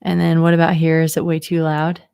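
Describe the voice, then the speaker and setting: A woman's voice: low-pitched, completely flat delivery, a little fast, gravelly, mellow, smooth. A woman hosting a casual livestream chat over a video call, rambling with fillers and giggles. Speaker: host.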